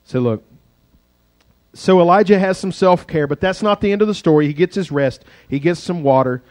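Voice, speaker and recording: A man's voice: high-pitched, animated, moderate pace, darkish tone, no echo. A man preaching a sermon on a street corner, chatty and joking, breaking off to pray when sirens pass. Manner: conversational, joking asides. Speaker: pastor.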